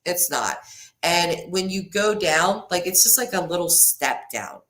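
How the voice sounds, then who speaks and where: Woman, livestream host; low, very animated voice; rambling and laughing, talks straight to her viewers. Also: a little slow. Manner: rambling and self-interrupting, laughs often; reads viewer comments aloud. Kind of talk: casual live chat with viewers.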